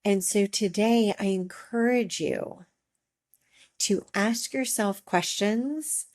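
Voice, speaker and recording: A middle-aged woman life coach giving a reflective motivational talk, speaking gently and encouragingly with long pauses. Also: medium pitch.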